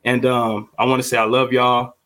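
A young man co-hosting a podcast as a father, talking in a heartfelt, halting way with many fillers and repeated words. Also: mid-range voice, little pitch movement, fairly bright tone. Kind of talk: heartfelt casual podcast talk.

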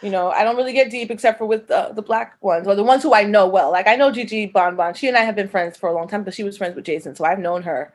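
A woman's voice: medium pitch, fast talker, few pauses. A woman from New York who performs burlesque, talking frankly in a casual chat with slang and frequent laughter.

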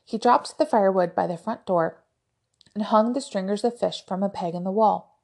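A woman narrating a fantasy novel aloud in an even, measured storytelling voice. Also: medium pitch, creaky. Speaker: audiobook podcast narrator.

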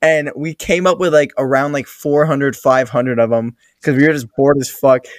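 A man's voice: medium pitch, fairly even intonation, moderate pace, dry recording, studio quality. A young man casually telling a rambling story about a past summer job on a podcast. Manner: loose, rambling, swears casually. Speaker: podcast co-host.

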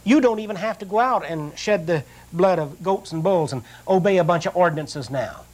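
An older man preaching a sermon, reading scripture slowly and drawn out, then explaining it in an earnest, plain-spoken way. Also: high-pitched, darkish tone.

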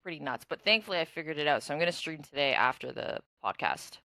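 Bright-voiced young woman chatting loosely. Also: sits low, expressive, fast, vocal fry, dry recording. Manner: rambling, full of "like". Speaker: podcast co-host and streamer. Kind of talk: casual chat.

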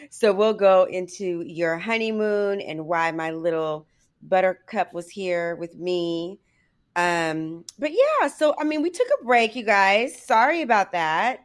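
A woman's voice: lowish voice, animated, takes it slowly. A middle-aged woman hosting a podcast, chatting casually with many "like"s and "you know"s and laughing often. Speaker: podcast host. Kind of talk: casual chat.

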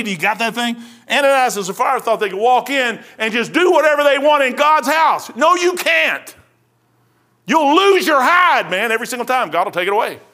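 A middle-aged male pastor preaching a sermon in a folksy, rambling storytelling way, with loud bursts. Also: high-pitched.

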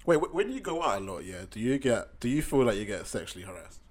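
A man's voice: fairly low pitch, big pitch swings, quick pace. A young man, chatting casually in slangy, laid-back banter. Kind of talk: casual chat.

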